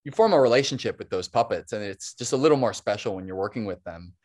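A man's voice: lowish voice, lively intonation, quick pace, darkish tone. A man talking as a guest on a podcast interview, rambling and restarting his sentences, laughing easily. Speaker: guest, stop-motion animator.

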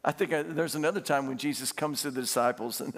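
A man preaching a sermon, animated and laughing as he tells stories and asks the congregation questions. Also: a little high, quick pace. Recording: long hall reverb.

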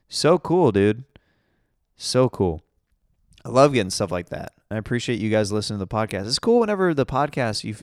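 A man's voice: on the low side, clear, resonant tone, no echo, studio quality. A man hosting his podcast in a casual, rambling, upbeat way, laughing often. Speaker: podcast host. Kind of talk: casual solo podcast chat.

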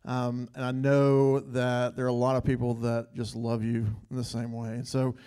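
A man's voice: mid-range voice, completely flat delivery, normal speed, mellow, clean tone. A man leading an earnest spontaneous prayer in church, saying God between phrases, with hesitant ums. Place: church sanctuary.

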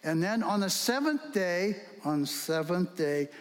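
Brief: God as a plain-spoken male boss handing out a plan, as a high-voiced preacher puts him on, long hall reverb. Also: very animated, unhurried. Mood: instructing. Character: calm commanding God giving orders, male.

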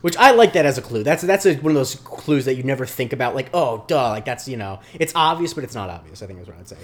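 A man at an ordinary mid pitch talks loosely through an episode recap on a podcast. He rambles, restarts and leans on fillers in relaxed, unscripted chat. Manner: rambling, filler-heavy, slips into quick voice impressions. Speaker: podcast co-host.

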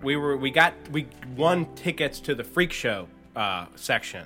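A young man from the Pittsburgh area chatting casually, telling an animated story full of fillers and swearing. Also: mid-range voice, a little slow, soft background music. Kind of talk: casual podcast chat.

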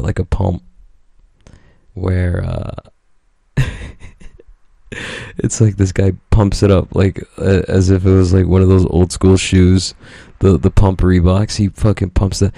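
Deep gravelly man, rambling and profane. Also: warm tone, dry recording, clean studio sound. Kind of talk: casual storytelling chat.

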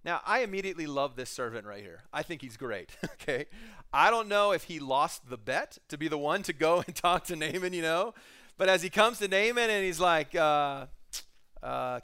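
A male pastor in mid-life delivering a relaxed, humorous sermon, bringing the scripture to life by acting out the characters. His voice sits high for a man and rings out bright and clear. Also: moderate pace. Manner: casual, joking storyteller who acts out scenes.

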